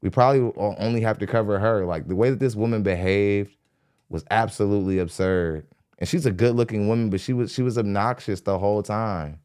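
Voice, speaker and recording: A man hosting a podcast, giving blunt, animated commentary as he reacts to a clip, laughing often between points. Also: on the low side, brisk, clean tone. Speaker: podcast host reacting to a dating show clip. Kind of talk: casual commentary. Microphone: studio dynamic mic.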